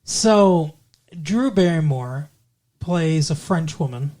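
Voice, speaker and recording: A podcast co-host rambles casually about a movie, swearing freely in a casual movie-review chat. His voice is on the high side, expressive and a little mellow, and he talks at a slow pace.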